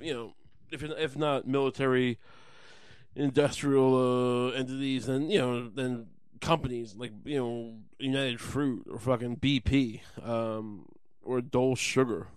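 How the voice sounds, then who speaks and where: Guy ranting hard, swearing a ton, sarcastic, mid pitch, dry close mic. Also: no room sound. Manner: profane, heated, sarcastic, with mocking put-on voices. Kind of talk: ranting monologue.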